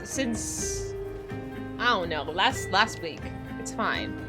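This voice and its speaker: Woman, 40s, game streamer, casual rambling chat, laughs easily, fairly high voice, faint music behind. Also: huge pitch swings, drawn-out words, pauses often. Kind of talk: casual livestream chat while gaming.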